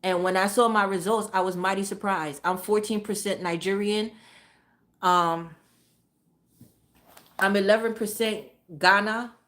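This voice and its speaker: A woman vlogger talking casually, rambling and repeating herself, trailing off into low mutters. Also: fairly even intonation, unhurried, long pauses, a bit bright. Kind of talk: casual monologue.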